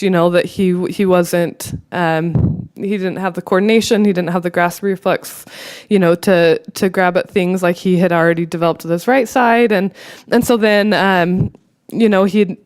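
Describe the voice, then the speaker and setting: Tearful mother, halting story. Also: medium pitch, a little mellow, smooth. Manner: halting, many fillers and restarts, self-deprecating. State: emotional, near tears. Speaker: parent panelist. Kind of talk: personal story at a conference panel.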